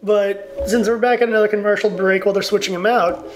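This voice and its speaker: A man's voice: high-pitched, fairly even intonation, quick pace, faint music behind. A man co-hosting a casual sports chat, rambling and laughing often as he talks over a live game. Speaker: podcast co-host.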